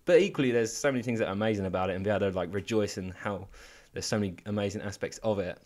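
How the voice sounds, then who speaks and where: A man's voice: lowish voice, rapid-fire, darkish tone. A man hosting a podcast interview, chatty and laughing often, often trailing off and restarting his sentences. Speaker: podcast host. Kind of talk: casual interview.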